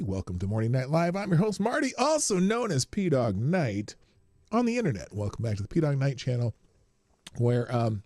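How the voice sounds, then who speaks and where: A man's voice: medium pitch, sing-song, unhurried, darkish tone, no echo, studio quality. A man hosting his own live morning stream, talking casually and rambling, often breaking off mid-sentence and laughing. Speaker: host.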